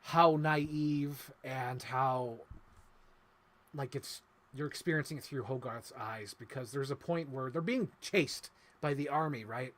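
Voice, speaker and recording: Slow and fairly bright in tone, this mid-range male voice belongs to a co-host on a film review podcast. He meanders through an emotional, casual conversation about movies, dropping in lots of fillers.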